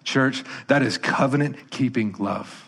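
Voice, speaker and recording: A man preaching a sermon as pastor, conversational and emphatic, swinging between loud punches and soft, quiet lines. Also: mid-range voice, measured pace, vocal fry, slightly rough.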